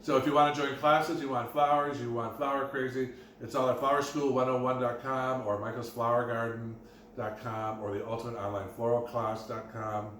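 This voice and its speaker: A man's voice: medium pitch, flat delivery, moderate pace, a bit bright. A middle-aged man, a florist and design teacher, chatting in a casual self-promoting vlog from his apartment kitchen, telling anecdotes with chuckles. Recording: roomy, distant, faint background hum.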